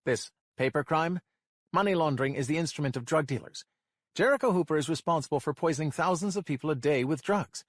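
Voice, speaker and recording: A man's voice: a little high, fast talker, no echo, studio quality, voice pushed up, natural voice. A man voicing an earnest, pressing prosecutor. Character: earnest male prosecutor arguing for detention.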